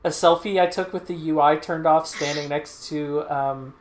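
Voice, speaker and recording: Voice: mid-range voice, steady tone, normal speed, reverberant, a little hiss or hum. A let's play host casually recapping a game's story, full of fillers and hesitations. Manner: hesitant, many fillers, explains patiently.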